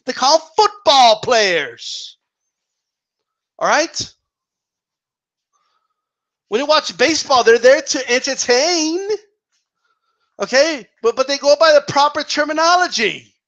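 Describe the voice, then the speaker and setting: Man, very high voice, bright and forceful tone, exasperated profane rant, keeps asking "right?". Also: expressive, takes it slowly, pauses often. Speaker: wrestling commentary vlogger. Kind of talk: ranting opinion monologue.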